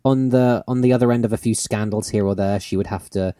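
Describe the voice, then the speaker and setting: A man co-hosts a podcast with a relaxed, mellow voice, recorded close in a dry room. He talks in an excitable, rambling way, laughing often and swearing freely. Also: on the low side, quick pace, dry recording. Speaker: podcast co-host. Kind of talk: casual chat.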